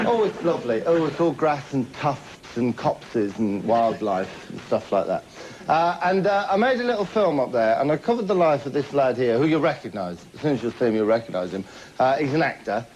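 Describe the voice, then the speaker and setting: A man's voice: mid-range voice, lively intonation, moderate pace, darkish tone. A man hosting a comedy show, delivering a chatty, boastful, name-dropping monologue to camera. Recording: dull lo-fi TV recording with noise.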